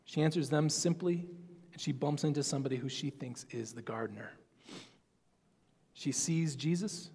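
A pastor giving a sermon, explaining a Bible passage in a conversational, musing way. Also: male voice, fairly high pitch, moderate pace, vocal fry, long pauses, darkish tone, breathy edge, in a large hall.

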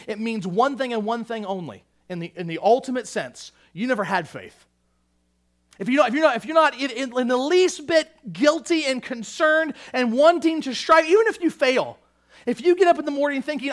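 A man preaching a sermon as pastor, impassioned, swinging from shouted declarations to hushed, low passages, often repeating words as he starts a sentence. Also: normal speed.

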